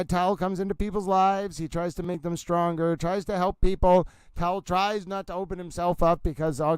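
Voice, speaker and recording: Male livestream host, theatrical and playful, with a smooth, resonant voice. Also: a little high, dry recording, rough recording. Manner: silly, theatrical, rambling, addresses "ladies and gentlemen".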